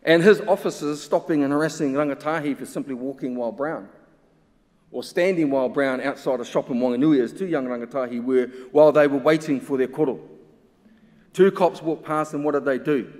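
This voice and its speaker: A man speaks at a symposium with blunt, emphatic conviction. His voice sits at an ordinary middle pitch. It rings out with a long reverb trail through a large hall. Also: fairly quick, darkish tone. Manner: impassioned and emphatic, with pointed rhetorical questions. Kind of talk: conference talk.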